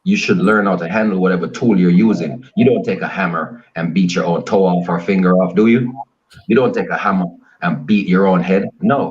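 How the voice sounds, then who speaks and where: A Jamaican man chats as a guest on a radio show, hammering his points home with repetition. His voice sits on the low side. The line sounds dull and lo-fi, like a remote call. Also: steady tone, fairly quick. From Spanish Town, Jamaica. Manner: emphatic, repetitive preaching cadence. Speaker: guest musician. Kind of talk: casual radio interview.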